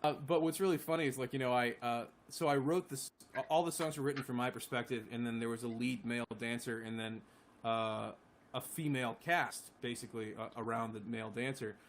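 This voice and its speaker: A man's voice: medium pitch, steady tone, a little fast, a little hiss or hum. A man who writes and sings his own songs, chatting casually as a live-stream guest in a rambling, self-deprecating way with easy swearing. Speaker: singer-songwriter guest.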